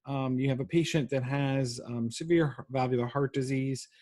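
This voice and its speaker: A man giving a recorded medical lecture, pausing often with ums and uhs. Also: medium pitch, fairly even intonation, a little mellow. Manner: halting, frequent ums and uhs.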